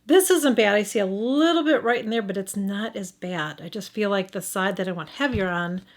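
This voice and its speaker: A woman's voice: medium pitch, normal speed. A middle-aged woman with a Midwestern accent giving a casual makeup review, thinking aloud and often restarting her sentences. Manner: thinking aloud, hesitant, frequent restarts and self-corrections. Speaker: beauty vlogger.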